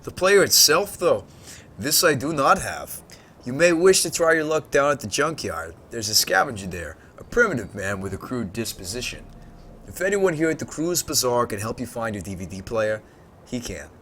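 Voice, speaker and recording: A man's voice: medium pitch, big pitch swings, moderate pace, bright, forceful tone, a little hiss or hum. Man playing a courteous dwarf shopkeeper woman. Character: polite female dwarf shopkeeper.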